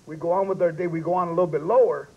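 A male stand-up comic with a high voice, delivering punchy bits on a live stage. The recording is dull and lo-fi, with faint hiss behind him. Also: steady tone, rapid-fire. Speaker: stand-up comedian. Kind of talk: stand-up comedy set.

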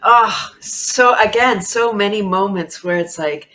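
A woman's voice: medium pitch, unhurried, pushed and bright. A woman guest on a talk show, speaking with bubbly enthusiasm, laughing often and repeating herself for emphasis.

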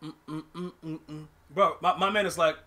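High, bright-voiced ranting gamer guy. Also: a little fast, a little hiss or hum. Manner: animated, ranting, repeats and restarts words, slangy. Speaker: gaming streamer. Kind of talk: live gameplay commentary.

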